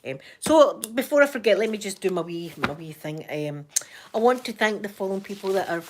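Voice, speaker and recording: A Scottish woman hosts a casual live stream, talking quickly and chattily. Her voice sits at an ordinary middle pitch. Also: animated, noisy background. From Scotland.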